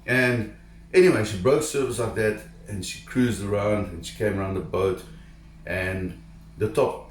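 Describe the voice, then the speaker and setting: A man telling a personal diving story to camera in an animated, emphatic way, repeating words when excited. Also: on the low side, roomy sound, a little hiss or hum. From South Africa. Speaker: shark diver telling a story.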